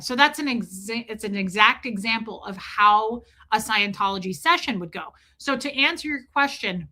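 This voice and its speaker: A woman in her forties hosts a livestream and tells a personal story frankly and animatedly, swearing and saying "like" and "right?" a lot. Her voice is fairly high, at normal speed with few pauses.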